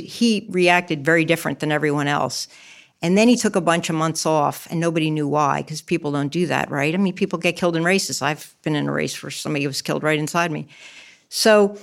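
A middle-aged woman with a somewhat low voice shares her personal testimony in an interview. She talks candidly and with emotion, often slipping into the words she said at the time. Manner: emotional, acts out her own past words. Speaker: guest telling her testimony. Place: church.

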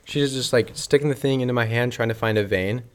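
A young man co-hosting a podcast, telling a story in an animated way and laughing often in casual chat. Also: medium pitch, fast. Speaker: podcast co-host.

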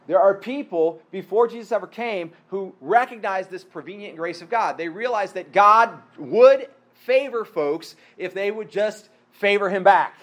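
Guy with a high-ish voice preaching, earnest, talks it through like a chat. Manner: earnest, conversational preaching with rhetorical questions. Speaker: pastor. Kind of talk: sermon.

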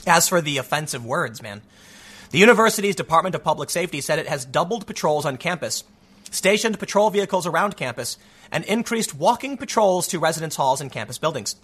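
A man's voice: on the high side, lively intonation, a little fast, a bit bright, breathy edge. A man hosting a sarcastic opinion monologue, rambling with frequent restarts. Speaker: commentary host.

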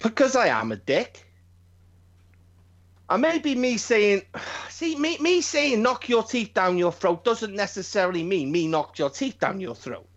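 Give me a rambling man, lively pitch. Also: unhurried, lo-fi sound. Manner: rambling, swears, lots of restarts. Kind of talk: casual chat.

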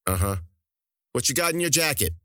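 Big, fed-up bouncer, man reading, scolds and warns, pitched up from his own voice. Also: sing-song, brisk, a bit bright, no room sound, clean studio sound. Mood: scolding exasperated. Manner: scolding, exasperated. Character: big, gruff male bar bouncer, exasperated.

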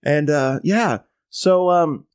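A man's voice: fairly high pitch, takes it slowly, clear, resonant tone. A middle-aged man on a podcast telling a long funny story, bouncing into exaggerated voices for the people he quotes. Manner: animated, mimics voices in quoted lines. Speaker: podcast co-host. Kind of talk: casual storytelling rant.

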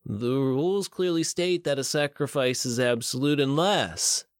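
A man's voice: medium pitch, measured pace, dry recording, studio quality, voice pushed up, close to an everyday voice. A man doing a whiny, dazed young burnout. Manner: whiny, dreamy. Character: scrawny young male drug user, dazed and whiny.

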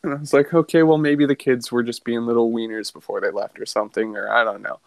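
A man spins a rambling, laid-back story on a podcast, swearing freely and trailing off into asides. His mid-pitched voice sits close to a dry mic. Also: fairly even intonation, quick pace, creaky, no room sound. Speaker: podcast co-host. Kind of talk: casual storytelling.

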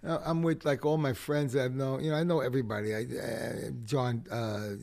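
A man, a podcast guest telling profane, animated stories. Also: mid-range voice, moderate pace, creaky. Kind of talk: storytelling chat.

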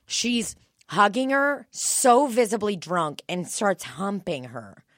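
A young woman in casual chat on a podcast, telling an animated story and swearing freely. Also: mid-range voice, takes it slowly, no echo, clean studio sound.

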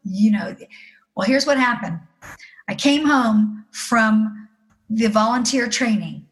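A woman's voice: a little high, takes it slowly, rough recording. A middle-aged woman telling a personal story as an interview guest, earnest and emotional. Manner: earnest, emotional, acting out the people she quotes.

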